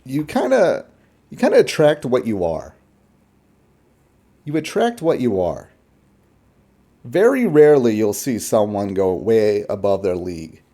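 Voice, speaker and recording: Man commentator, low mellow voice, lively swings, blunt rambling reactions. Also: unhurried, long pauses.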